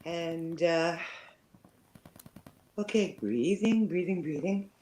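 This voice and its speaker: A woman's voice: fairly low pitch, takes it slowly, dark tone, a little hiss or hum, rough recording. A Canadian woman with a slight French-Canadian accent, hosting her first livestream in a hesitant, filler-filled, grateful way. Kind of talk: casual live-stream chat.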